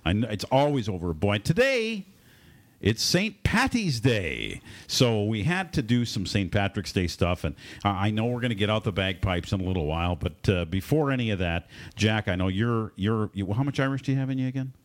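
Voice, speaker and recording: A man hosting a casual radio talk show from a studio, with animated, filler-heavy patter. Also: on the low side, fast, hardly any pauses.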